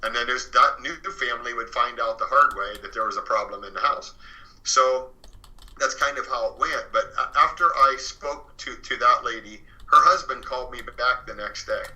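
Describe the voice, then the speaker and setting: In a phoned or studio radio interview, a guest author casually recounts a true story about a haunted house, rambling with lots of "you know," restarts, and retellings of what others said. He has a medium-pitched, sharp-toned voice at normal speed, and the recording is low quality.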